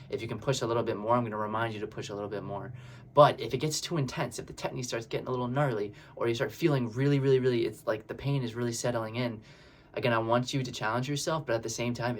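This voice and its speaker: A man, a breathwork facilitator, explaining a session in a relaxed, reassuring way and often repeating his words. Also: fairly low pitch, slight background noise. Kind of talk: casual explanatory talk.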